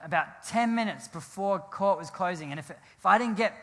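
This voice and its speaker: A man, a pastor telling a rambling, animated story in a sermon, often laughing and restarting his sentences. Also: high voice, normal speed. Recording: long hall reverb.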